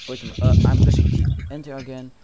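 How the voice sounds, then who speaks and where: A man's voice: medium pitch, little pitch movement, rapid-fire, lo-fi sound, very noisy. A man giving frantic let's-play commentary, panicking and swearing often. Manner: panicky, swearing, frequent exclamations. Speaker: gameplay commentator.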